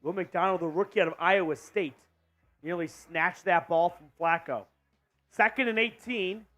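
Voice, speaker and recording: A man hosting a live stream and calling a football game as a fan, getting excited and shouting on big plays. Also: high-pitched, moderate pace, soft background music. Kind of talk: fan play-by-play commentary.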